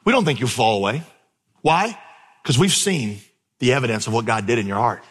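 A man's voice: medium pitch, expressive, brisk, a bit bright, husky. A man preaching a sermon to a congregation from a church stage, telling stories with humorous asides and repeating key words for emphasis. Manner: storytelling with vivid, humorous asides; emphatic repetition. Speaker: pastor. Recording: long reverb in a big hall.

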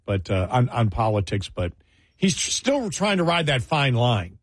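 A man's voice: mid-range voice, sing-song, normal speed, dry recording. A man hosting late-night talk radio in a casual, rambling way, with restarts and chuckling asides. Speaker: radio talk show host.

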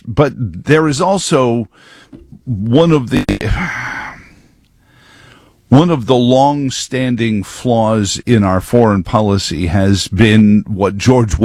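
A man's voice: mid-range voice, animated, takes it slowly, darkish tone, no room sound. A man giving rambling, sarcastic political commentary full of wordplay.

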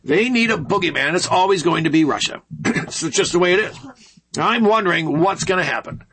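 A man's voice: sits high, a little fast, fairly bright tone, breathy edge. A middle-aged man hosting a casual storytelling monologue, rambling in a conversational way and acting out quoted people in voices. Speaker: talk show host.

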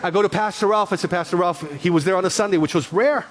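A man's voice: high voice, fast talker, fairly bright tone, faint music behind. A middle-aged man preaching a sermon as pastor, telling stories animatedly and repeating phrases for emphasis.

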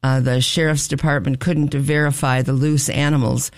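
A man co-hosting a morning radio show, reading odd news with wry joking asides in a gravelly voice. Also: medium pitch, flat delivery, normal speed, no room sound, studio quality. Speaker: radio co-host. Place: radio studio. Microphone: close studio mic.

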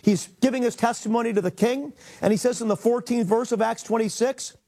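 A man's voice: extremely high pitch, steady tone, brisk, creaky, dark tone. A man teaching a sermon, reading scripture aloud and explaining it with earnest emphasis. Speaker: rabbi and Bible teacher.

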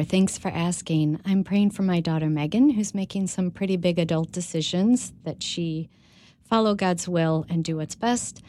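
A woman on a radio prayer show shares her prayer intentions in a sincere, earnest way. Her voice sits low and sounds warm and mellow. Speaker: radio co-host.

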